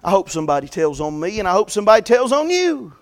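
A man preaching a fervent sermon, moving between quiet folksy stories and loud repeated calls of blessing. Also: high voice, sing-song, fast.

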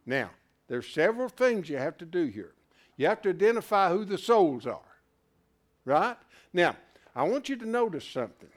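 Animated, high-voiced man teaching scripture. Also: moderate pace. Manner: animated, folksy, questions the class. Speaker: Bible study teacher. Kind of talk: interactive sermon teaching.

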